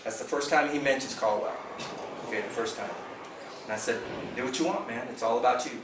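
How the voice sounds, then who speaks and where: A man casually telling a fishing tournament story to a club meeting, animated and laughing as he acts out the dialogue. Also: mid-range voice, fairly quick. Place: meeting room. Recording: echoey room from far off, background noise.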